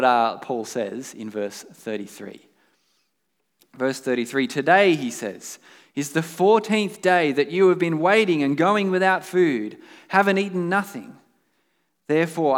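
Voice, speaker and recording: Earnest male pastor preaching in a reverberant hall. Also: mid-range voice. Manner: earnest preaching, rhetorical questions, emphatic rises. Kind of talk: sermon.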